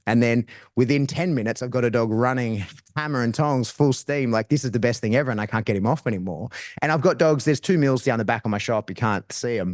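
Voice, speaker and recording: A man's voice: mid-range voice, no room sound, studio quality. A man who trains dogs, talking as a podcast guest in a casual, slangy way, often restarting his phrases. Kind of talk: casual explanatory chat.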